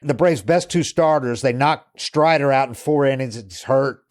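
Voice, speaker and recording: A man's voice: mid-range voice, moderate pace. A man hosting a baseball podcast, talking casually and at length, restarting sentences and quoting players. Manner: rambling, with frequent restarts and quoted asides. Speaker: podcast host. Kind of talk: casual sports talk.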